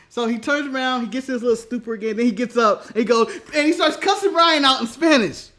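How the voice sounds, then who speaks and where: A male podcast co-host telling a story in casual chat, animated, laughing often and swearing freely. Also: extremely high pitch, fast talker, few pauses.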